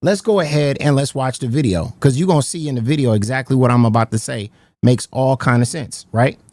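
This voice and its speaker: A man giving animated commentary on stream clips, excitable and laughing, at times shouting. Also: mid-range voice, fairly quick, dry recording, studio quality.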